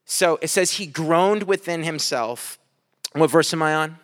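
A man's voice: fairly high pitch, measured pace, in a large hall. A man preaching a sermon, reading scripture aloud and breaking off with light, chuckling asides to the congregation. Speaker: pastor.

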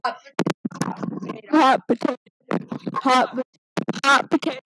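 A woman co-hosting a chaotic casual podcast at home on a handheld microphone, giggly and prone to bursts of yelling. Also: sits high, fairly even intonation, measured pace, background noise. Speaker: podcast co-host. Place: home room. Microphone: handheld microphone passed around.

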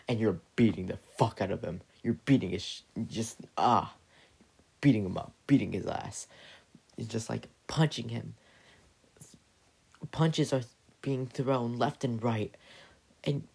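A man talks slowly in a rough, gravelly voice with a breathy edge. He rambles and stumbles over his words in a profane comedic monologue. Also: medium pitch, darkish tone.

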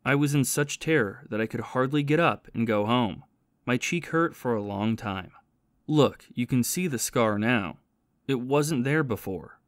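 A man's voice: medium pitch, measured pace, no room sound, studio quality, natural voice. A man voicing a remorseful former soldier and thief who confesses his past in a plain storytelling manner.

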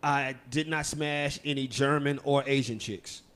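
A man's voice: mid-range voice, steady tone, measured pace, a bit bright, smooth. Loose, profane Texan man chatting. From Texas. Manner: loose, profane, laughing storyteller. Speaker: podcast co-host. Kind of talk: casual chat.

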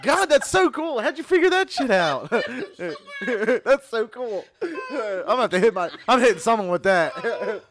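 High, animated man who laughs a lot. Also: unhurried, crowd noise. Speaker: guest. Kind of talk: casual chat.

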